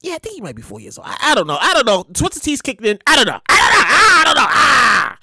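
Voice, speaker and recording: Woman, show host, comic storytelling, very animated pitch, dry sound. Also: fast, vocal fry, breathy edge, no echo. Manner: animated, profane, repeats herself for effect.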